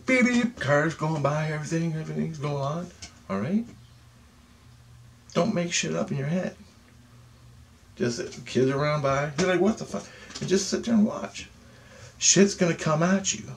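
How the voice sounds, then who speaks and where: A man's voice: a little high, normal speed, long pauses, a little hiss or hum. A man leading a guided meditation who talks in a profane, insistent way and keeps asking "okay?". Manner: grows louder and more animated as he goes. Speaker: meditation teacher.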